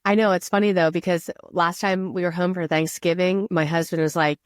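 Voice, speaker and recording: A woman's voice: lowish voice, steady tone, fairly quick, no room sound, studio quality. A woman from rural Pennsylvania, a guest on an interview podcast, talking casually and earnestly. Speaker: guest, veterans nonprofit leader.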